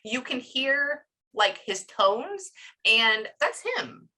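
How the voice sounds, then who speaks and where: A woman's voice: fairly high pitch, very animated, very slow, sharp tone, poor audio. A woman giving a medium reading to clients, talking in a rambling, emotional way with lots of fillers. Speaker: psychic medium.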